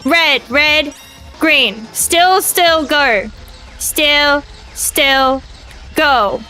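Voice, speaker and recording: A woman's voice: sits high, drawn-out words, sharp tone, faint music behind. A young woman streaming a game, talking herself through it in a frantic, swearing way. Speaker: VTuber streamer. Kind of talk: live gameplay commentary.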